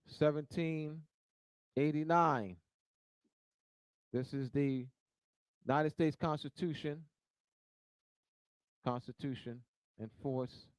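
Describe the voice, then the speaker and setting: A man lectures in a slow, deliberate way, his voice sitting a touch high for a man. He hammers points home by repeating lines, rising and growing forceful. The sound is dry and close, with no room echo. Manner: repetitive and emphatic, repeating phrases for stress; grows louder and higher toward the end. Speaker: speaker. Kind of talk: teaching talk.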